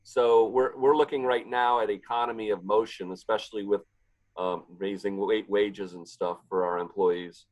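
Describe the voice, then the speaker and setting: A man guesting on a podcast as a pizzeria owner, chatting casually and telling animated stories. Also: on the low side, moderate pace, rough recording. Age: adult, married. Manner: animated storyteller, acts out what others said. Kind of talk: casual interview chat.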